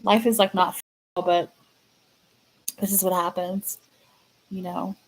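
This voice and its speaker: A woman hosting her own fan channel, chatting casually and sadly to viewers, halting and repeating herself with many fillers. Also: lowish voice, fairly even intonation, low-quality recording. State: sad, grieving. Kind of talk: casual livestream chat to viewers.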